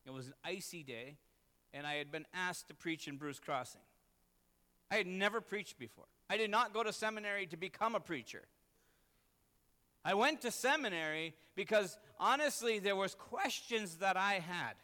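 A male pastor delivers a sermon through a personal story, earnest and self-deprecating. His voice is fairly high and bright. It rings out with a long reverb in a church hall. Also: expressive, normal speed.

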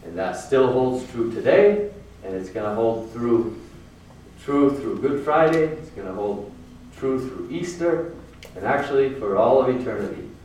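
A man's voice: medium pitch, animated, unhurried, a little mellow, slight background noise. A man preaching a sermon in a casual, earnest way, repeating phrases for emphasis. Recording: very echoey room from far off.

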